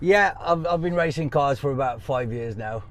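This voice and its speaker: A man's voice: medium pitch, moderate pace, a little hiss or hum. A man, a racing driver, chatting in a modest, laid-back way with short answers. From England. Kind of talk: casual chat.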